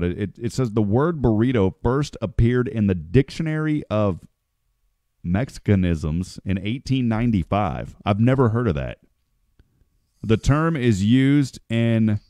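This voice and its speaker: This American morning radio host keeps things casual and folksy, cracking jokes and addressing folks as "man" and "brother." He speaks at a fairly low pitch with a mellow quality, captured in a dry, clean studio recording.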